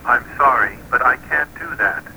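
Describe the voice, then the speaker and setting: A man's voice: medium pitch, moderate pace, a little hiss or hum, rough recording. A man playing a stiff classroom computer. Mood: robotic. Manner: stiff, robotic, flat phrasing. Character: polite male classroom computer system.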